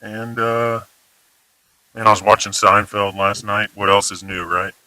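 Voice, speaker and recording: A man's voice: fairly low pitch, fairly even intonation, unhurried, sharp tone, no echo, poor audio. A man from Houston with a Texan accent, talking in an emphatic, rambling, casually profane monologue. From Houston, Texas. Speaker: vlogger.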